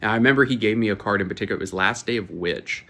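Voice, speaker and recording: A man's voice: fairly low pitch, rapid-fire, bright, forceful tone. Casual profane young man telling stories. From Florida, USA. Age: 20s. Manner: profane, rambling, laughs at own stories. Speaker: YouTuber. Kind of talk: casual storytelling to camera.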